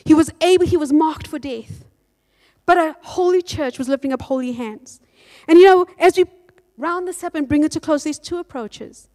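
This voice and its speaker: A woman pastor with a bright, high-pitched voice preaches with lively energy. She reads scripture aloud and acts out the quotes as she goes. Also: normal speed. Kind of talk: sermon.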